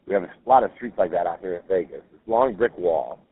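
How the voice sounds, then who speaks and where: A man's voice: deep voice, animated, a little fast, husky. A man telling a listener's ghost story in a rambling, casual way, with many fillers and self-corrections. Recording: tinny phone-line audio.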